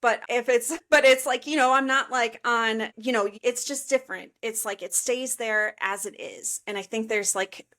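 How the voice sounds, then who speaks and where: A woman in her thirties from the Chicago suburbs, a podcast guest telling travel stories in a lively, filler-heavy way. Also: fairly high pitch, normal speed, few pauses. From suburbs of Chicago, USA. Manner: animated storyteller, many fillers like "like" and "you know". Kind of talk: casual interview chat.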